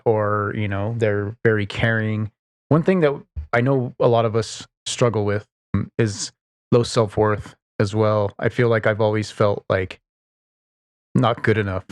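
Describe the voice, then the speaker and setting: A man's voice: lowish voice, steady tone, measured pace, no room sound. A man hosting his own podcast, chatting casually in a rambling, profane way with lots of "like" and "you know". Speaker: podcast host. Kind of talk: casual solo chat.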